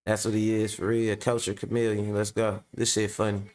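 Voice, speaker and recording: A man's voice: fairly low pitch, monotone, brisk, darkish tone. Blunt, cussing man reacting to clips. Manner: blunt, profane, rhetorical questions; addresses viewers directly. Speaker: commentary host. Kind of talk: casual reaction commentary.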